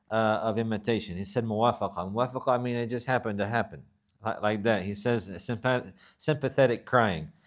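A man teaching a religious lesson, reading Arabic text quickly and then explaining it slowly in English, often repeating himself. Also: on the low side.

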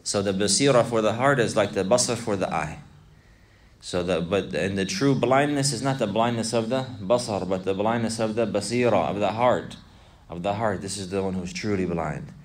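Low-voiced man teaching a class. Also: normal speed. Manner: repetitive, asks students questions, mixes Arabic recitation. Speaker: Islamic teacher. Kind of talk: classroom lesson explaining a text.

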